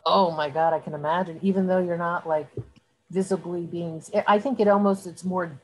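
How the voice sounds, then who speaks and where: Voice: medium pitch, fairly even intonation, moderate pace, rough recording. Brief: casual meeting voice, hedging, lots of fillers. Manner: hesitant, filler-heavy, self-deprecating. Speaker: meeting participant. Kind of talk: casual chat.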